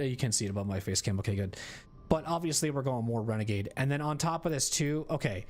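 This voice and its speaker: A man streaming a video game, chatting casually in a rambling, cursing way. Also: mid-range voice. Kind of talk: casual gaming commentary.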